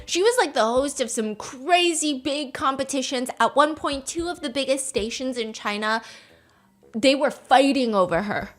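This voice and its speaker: A woman hosting a podcast, telling a gossip story in a casual, animated way, laughing often and acting out what people said. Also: high-pitched, normal speed. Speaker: podcast host.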